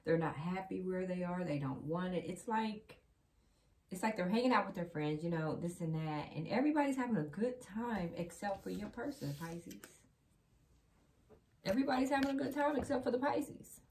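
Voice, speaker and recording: A woman's voice: medium pitch, animated, normal speed, a little mellow, a little hiss or hum. A woman giving a casual tarot reading, chatty and repetitive, talking straight to her viewers. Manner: chatty, repeats phrases, addresses the viewer directly. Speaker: tarot card reader.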